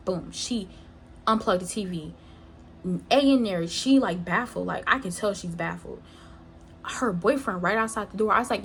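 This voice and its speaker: Animated young woman telling a story. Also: normal speed, slight background noise. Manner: animated storytelling, acting out quoted lines with sharp pitch jumps. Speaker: vlogger. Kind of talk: storytime vlog.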